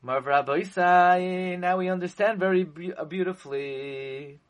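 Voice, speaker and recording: A man teaching a sermon in a slow, emphatic way, sometimes chanting verses in a singsong and hitting words with sudden loud stresses. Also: high-pitched, clean tone. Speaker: rabbi teaching Torah.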